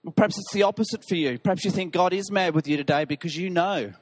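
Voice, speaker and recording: A pastor with a high, light voice tells a story in a sermon. His delivery is animated, and he often pokes fun at himself. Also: fast talker. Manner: animated, self-deprecating storytelling.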